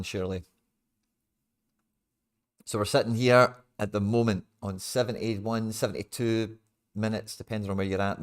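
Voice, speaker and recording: A young Scottish man with a fairly low voice hosts a live football watch-along into a desk microphone. He rants in exasperation and swears freely, breaking into sudden loud outbursts.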